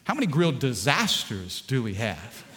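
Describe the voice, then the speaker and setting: A man pastor preaching a lively sermon, calling out to the congregation and telling funny stories. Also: mid-range voice, normal speed. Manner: dynamic preaching, call-and-response with congregation, storytelling with humor. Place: large church sanctuary. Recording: long hall reverb.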